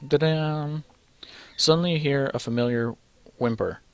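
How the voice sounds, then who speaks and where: A man's voice: mid-range voice, fairly quick, fairly bright tone, dry recording. Man reading a text game aloud. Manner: reads steadily, stumbles over names, breaks off for joking asides. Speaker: let's player.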